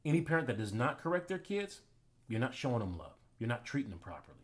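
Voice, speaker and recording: A man's voice: medium pitch, big pitch swings, fast. A man hosting his own channel, giving an emphatic, preachy commentary monologue and telling personal anecdotes. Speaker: channel host.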